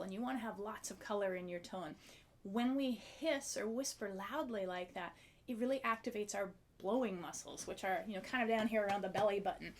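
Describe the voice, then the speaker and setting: A woman teaching a clarinet video lesson, explaining a breathing technique in a friendly, step-by-step way and demonstrating as she goes. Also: fairly high pitch.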